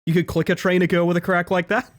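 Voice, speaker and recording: A man streaming live, chatting casually with viewers. He is excitable, swears and laughs often, and swings between loud outbursts and soft low asides. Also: quick pace.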